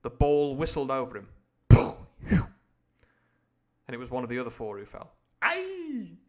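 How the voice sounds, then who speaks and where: A man's voice: mid-range voice, rapid-fire, darkish tone. A man hosts a live storytelling stream, reading an old adventure novel aloud. He keeps stopping to unpack the text in a playful, irreverent, conversational way, then goes back to the narration. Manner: playful, irreverent, breaks off to explain. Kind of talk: book reading with chatty asides.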